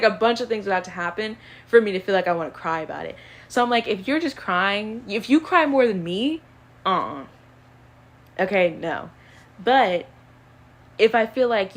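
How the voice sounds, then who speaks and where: A young woman casually answering would-you-rather questions on her own channel, chatty and animated, with plenty of fillers. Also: on the low side. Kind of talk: casual chat.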